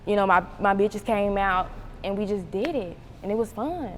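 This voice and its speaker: A young woman from North Carolina, telling stories as an interview guest in an animated, profane way, laughing often and acting out voices. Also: mid-range voice, normal speed, big-room sound, slight background noise. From North Carolina, USA. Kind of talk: casual storytelling interview.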